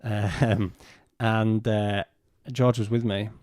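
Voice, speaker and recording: A man, a podcast guest, telling a personal story in a halting way and retelling what was said in his own words. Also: on the low side, level tone, darkish tone, no room sound, clean studio sound.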